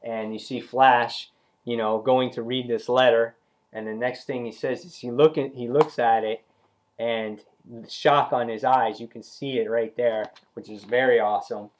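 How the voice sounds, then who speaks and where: A man in the middle of the usual pitch range walks through a comic issue in a loose, rambling way. He leans on fillers and restarts as he retells each scene in casual vlog style. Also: fairly even intonation, normal speed. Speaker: comic book reviewer.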